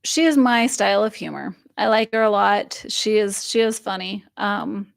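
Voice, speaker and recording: A woman's voice: mid-range voice, moderate pace, gravelly, dry recording, studio quality. A young woman hosting a livestream, chatting casually and rambling with fillers while reading viewer comments aloud. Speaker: livestream host reading chat. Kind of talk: casual chat.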